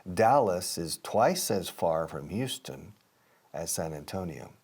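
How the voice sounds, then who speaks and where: Man, English teacher, very low voice, slow, repeats phrases, faint music. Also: animated, darkish tone, husky. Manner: unhurried, explanatory, repeats phrases. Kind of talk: bilingual language lesson.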